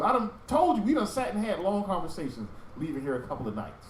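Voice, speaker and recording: A man teaching a religious group in sermon style, with animated storytelling that acts out street talk. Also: high-pitched, fast talker, roomy sound, recorded from a distance, a little hiss or hum, poor audio.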